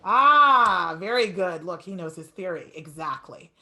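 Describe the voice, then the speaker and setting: A woman piano teacher giving a masterclass, talking fast and stretching words for emphasis. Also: on the low side, expressive, sharp tone.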